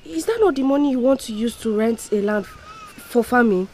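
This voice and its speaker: A pleading Nigerian daughter. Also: female voice, a little high, animated, fairly quick, dark tone, faint music behind. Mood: concerned. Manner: pleading, comforting. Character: worried young adult daughter consoling her mother. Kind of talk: film drama acting.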